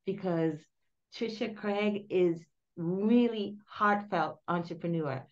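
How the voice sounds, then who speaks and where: A woman host with a non-native English accent, speaking in an encouraging, slightly halting way. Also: medium pitch. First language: not English. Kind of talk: casual interview chat. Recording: dull lo-fi audio.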